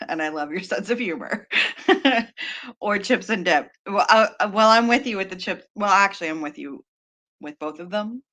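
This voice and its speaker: Chatty bright-voiced American woman streamer. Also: mid-range voice, expressive, normal speed. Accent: Pennsylvania. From Pennsylvania, US. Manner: chatty, laughs often, many fillers. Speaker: livestream host. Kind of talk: casual chat during a writing livestream.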